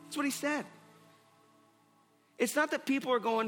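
Guy preaching a sermon, high bright voice, repeats stuff for emphasis, big echoey hall w faint music. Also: fairly even intonation, normal speed, long pauses. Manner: earnest, repeats phrases for emphasis. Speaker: pastor.

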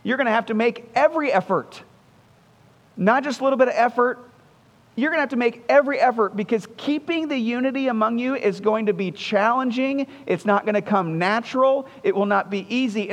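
A man's voice: very high-pitched, a little fast, in a large hall. A man preaching a sermon as a pastor, talking in a conversational, earnest way and repeating phrases for emphasis.

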